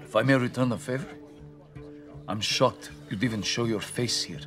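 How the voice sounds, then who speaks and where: An actor playing a cool, sharp-tongued man who speaks in a pointed, measured way, with music behind. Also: medium pitch, lightly acted.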